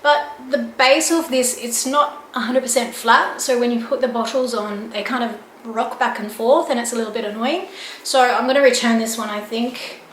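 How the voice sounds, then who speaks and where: An Australian woman with a fairly high voice talks chattily and brightly about her shopping haul. She is recorded indoors at home in an echoey room, with faint ambience underneath. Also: fairly even intonation, moderate pace, slight background noise. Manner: chatty, upbeat product talk with light laughs. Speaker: home and lifestyle vlogger. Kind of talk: casual chat.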